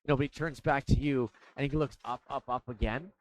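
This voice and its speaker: A man narrating as dungeon master, talking in a halting way with many fillers and restarts. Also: mid-range voice, low-quality recording. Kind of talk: narrating a tabletop game.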